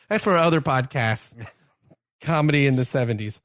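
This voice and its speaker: Lively, upbeat man chatting over beer. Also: medium pitch, a little slow, no echo, studio quality. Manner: enthusiastic, joking, quotes films. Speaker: podcast co-host. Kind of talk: casual chat over beer tasting.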